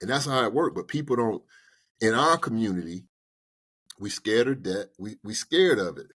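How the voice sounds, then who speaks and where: A man with a low, slightly husky voice talking through money matters on a podcast. He is animated and colloquial, and drops into quick play-acted exchanges to make his points. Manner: animated, colloquial, acts out little dialogues. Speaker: podcast guest explaining personal finance. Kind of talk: casual conversational advice. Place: podcast studio.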